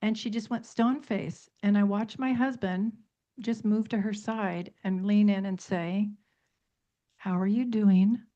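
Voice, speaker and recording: A woman's voice: mid-range voice, unhurried. Emphatic middle-aged woman on dull radio. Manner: emphatic, animated storytelling with long lists. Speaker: author and radio guest. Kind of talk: radio talk show discussion.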